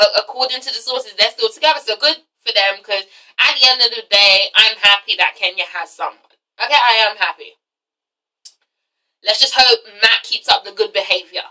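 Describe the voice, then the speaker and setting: Sassy, bright-voiced young woman vlogger. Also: fairly high pitch, fairly quick, far from the mic, low-quality recording. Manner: chatty, sassy, swears. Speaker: TV recap vlogger. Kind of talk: casual recap vlog.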